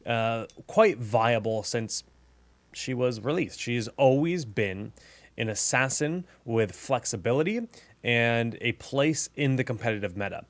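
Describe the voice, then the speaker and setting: Upbeat male gaming host, chatty guide delivery, mid pitch, dry close recording. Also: animated, unhurried, dry recording. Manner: upbeat, chatty, lots of fillers. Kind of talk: casual game news and strategy guide.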